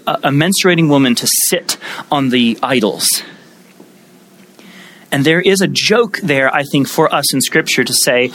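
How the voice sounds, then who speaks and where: A man's voice: medium pitch, a bit bright, rough recording. A male preacher teaching a Bible passage as a sermon, telling the story conversationally with humorous asides.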